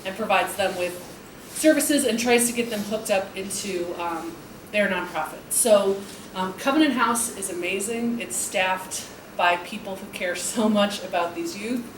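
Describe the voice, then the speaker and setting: A woman's voice: mid-range voice, measured pace. A woman representing a charity, presenting earnestly to a meeting with frequent ums. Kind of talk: informal presentation. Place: meeting hall. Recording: echoey hall from far off, noisy.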